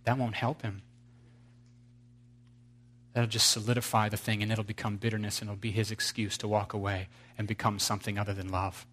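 A man's voice: fairly low pitch, level tone, a little fast, a bit bright. A man preaching an earnest sermon, telling a story to his congregation.

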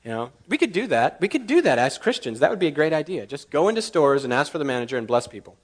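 A man preaching a sermon, telling personal stories with animated acted-out dialogue and laughing at his own jokes. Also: fairly high pitch, fast talker. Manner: animated, acts out dialogue in lively voices. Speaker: pastor. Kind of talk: storytelling sermon.

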